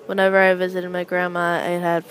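A young adult woman hosting a casual solo chat, rambling with wry, deadpan asides as she comments on people passing by. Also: lowish voice, fairly quick, soft background music, rough recording. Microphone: close microphone.

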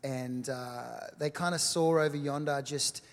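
Chatty preacher in a reverberant hall. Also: male voice, mid-range voice, steady tone, a little slow. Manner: conversational, filler-heavy, checks in with "right?". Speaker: pastor and worship leader. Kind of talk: sermon.

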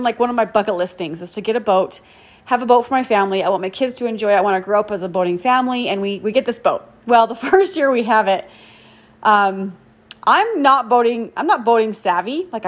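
A woman in her forties telling a personal story in a chatty, self-deprecating way, full of "like" and quick laughs. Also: on the high side. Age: 40s. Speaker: podcast host. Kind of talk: casual storytelling monologue.

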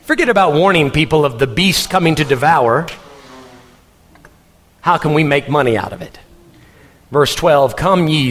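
A man from Texas, preaching a sermon in an animated storytelling manner and laughing as he goes. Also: fairly high pitch, long reverb tail. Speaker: pastor.

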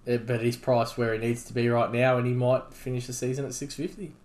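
A man's voice: mid-range voice, level tone, brisk, darkish tone. A man, co-hosting a casual fantasy football podcast, blunt and casual, reading listener questions aloud. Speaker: podcast co-host.

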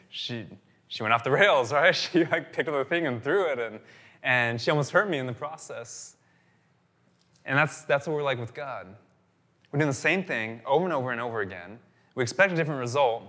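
Bright-voiced pastor preaching animatedly. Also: male voice, medium pitch. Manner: animated storytelling, repetitive phrasing. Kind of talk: sermon.

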